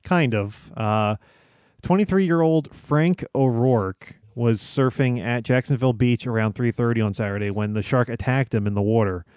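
Young male podcast host, mid-pitched, dry recording, reads odd news with halting "uh" pauses. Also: darkish tone, clean tone, dry recording. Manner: reads stories with frequent "uh" pauses, breaks into laughs. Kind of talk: comedic news-reading podcast.

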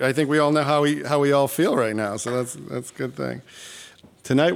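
A man's voice: mid-range voice, gravelly. A man hosting a live stage show, chatty and self-deprecating as he talks to the audience. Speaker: show host.

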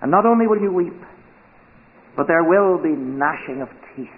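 A man preaching a sermon to a congregation, solemn and emphatic, sinking to a hush for weight. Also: on the high side, animated, a little hiss or hum. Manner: slow, solemn, emphatic delivery with dramatic drops to a hush. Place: church. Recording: tinny phone-like old sermon tape.

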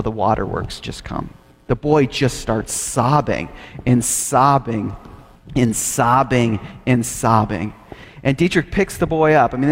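A man giving an earnest storytelling lecture on theology, dropping from emphatic to hushed. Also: mid-range voice, big-room sound. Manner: earnest, dramatic shifts from loud to hushed.

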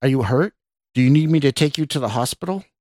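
A man's voice: mid-range voice, quick pace, a little mellow, no room sound, studio quality, voice pushed up, lightly acted. Man doing a coaxing, eerie bleeding woman. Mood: pleading. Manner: pleading, coaxing.

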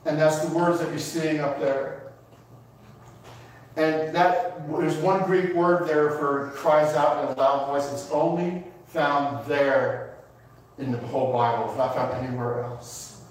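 High-voiced guy preaching slow and emotional, booming echoey church from far off. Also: steady tone, a little hiss or hum. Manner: emotional, preaching with rising emphatic repetition. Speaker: pastor. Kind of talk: sermon. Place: church sanctuary.

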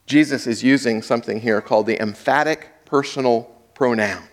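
A male pastor preaching a sermon, dramatic, swinging between loud and hushed, asking the audience questions. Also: mid-range voice, normal speed, few pauses. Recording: echoey hall with long reverb.

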